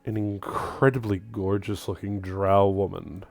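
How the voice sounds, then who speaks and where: A man's voice: sits low, little pitch movement, measured pace, vocal fry, a little mellow. A man narrating a tabletop game as game master, with joking asides to players.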